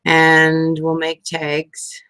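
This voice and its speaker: A woman's voice: low-pitched, monotone, extremely slow, a bit bright, clear, resonant tone, no room sound. A middle-aged woman chatting casually and sleepily on a live stream, rambling and asking "you know what I mean" often. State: sleepy, yawning. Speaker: crafting channel host.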